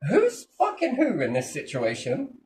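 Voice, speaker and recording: Animated, profane podcast talker. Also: mid-range voice, unhurried. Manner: animated, profane, jumps into funny voices. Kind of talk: casual chat. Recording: distant mic, faint background noise.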